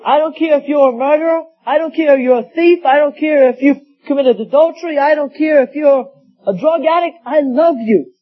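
Preacher guy, real high voice, folksy stories, muffled lo-fi recording. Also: a little fast. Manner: folksy storytelling with acted quotes. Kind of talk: sermon. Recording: dull lo-fi sound.

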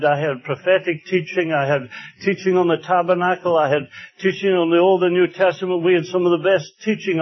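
A man from Scotland preaching a sermon in an earnest, unhurried way, building to emphatic passages. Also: a little high. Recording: dull lo-fi recording.

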